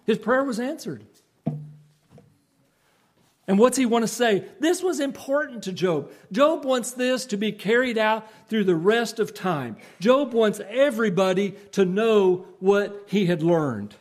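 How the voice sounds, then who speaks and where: A man with a high-sitting, animated voice preaches a sermon, explaining scripture earnestly and emphatically and asking his listeners rhetorical questions. When he reads scripture, he slows down and uses old-fashioned English.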